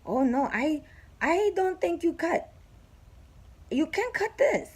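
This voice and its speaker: A woman doing a hard-headed male handyman who speaks in broken English. The voice sits far higher than her own and climbs into an astonished squeal. He talks in short, clipped, doubting bursts. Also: sing-song, slow pace, exaggerated voice. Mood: doubtful.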